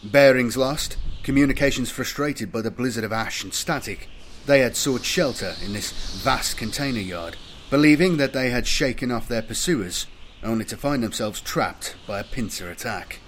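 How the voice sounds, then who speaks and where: A man giving steady, measured scripted narration of an audiobook. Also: mid-range voice, a little hiss or hum.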